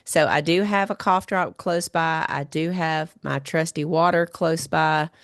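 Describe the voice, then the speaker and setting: A woman's voice: sits low, steady tone, unhurried, dry recording, studio quality. A woman hosting a podcast, nasal and stuffy from a recent illness, rambling with many fillers. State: nasal, recovering from a cold. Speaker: podcast host. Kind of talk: casual podcast monologue.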